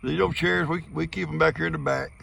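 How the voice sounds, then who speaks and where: A man's voice: on the high side, steady tone, fast, gravelly, fairly bright tone, husky. A man with a Southern US accent, outdoors by flooded fields, giving an easygoing, plain-spoken video update. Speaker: farm video host.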